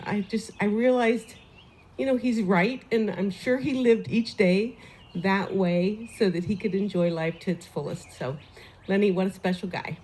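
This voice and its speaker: A woman's voice: mid-range voice, darkish tone. A woman telling a neighbor's story at a memorial gathering, chatty, with fillers and laughing asides, into a microphone. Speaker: neighbor giving a eulogy.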